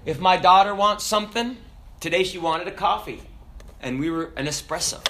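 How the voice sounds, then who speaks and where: A man's voice: high-pitched, moderate pace, noisy background. A man in his thirties with a Southern American accent, preaching a sermon in a folksy, joking way with many questions to the congregation. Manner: folksy and animated, jokes and rhetorical questions.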